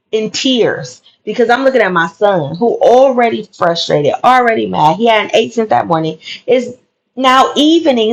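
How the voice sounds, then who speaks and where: A woman's voice: fairly high pitch, gravelly, poor audio. Woman telling a story, emphatic, keeps repeating stuff, casual chat. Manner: animated, emphatic retelling with repeated phrases.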